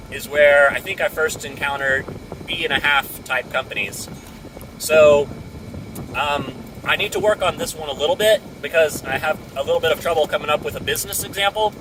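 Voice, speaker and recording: A man's voice: on the high side, far from the mic, background noise. A man talking through a business idea in a loose, thinking-aloud way, often restarting his sentences. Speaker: speaker sharing a business idea. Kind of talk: casual thinking-aloud monologue.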